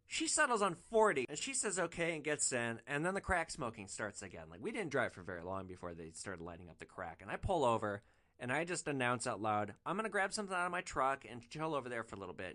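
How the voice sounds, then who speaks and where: A man hosting a storytelling podcast, animated and excitable, swearing casually as he recounts his stories. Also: mid-range voice. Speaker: podcast host, rideshare driver.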